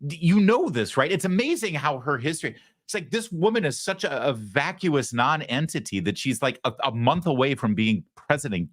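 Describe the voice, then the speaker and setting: A man's voice: mid-range voice, fairly bright tone, dry recording, clean studio sound. A male talk show host from Michigan, giving sarcastic, mocking political commentary over clips.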